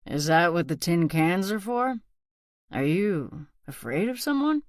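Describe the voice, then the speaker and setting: A woman voicing a blunt, wary rural male hunter in a whispered role-play storybook reading, quiet and firm. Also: fairly low pitch, expressive, measured pace, no room sound, studio quality. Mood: concerned.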